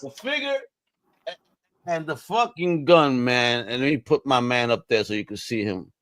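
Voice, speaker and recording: A man co-hosting a podcast, chatting casually and excitably with plenty of swearing. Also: mid-range voice, moderate pace, dry recording. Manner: animated, profane, excitable. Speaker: podcast co-host. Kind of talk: casual chat.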